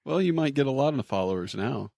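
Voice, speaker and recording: A man hosts a podcast and plays a judge, handing out mock rulings with dry jokes. His voice moves up and down with a lively lilt, and the sound is close and dry. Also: mid-range voice, quick pace, creaky, dry recording. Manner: dry joking. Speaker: podcast host acting as judge. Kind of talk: casual podcast chat.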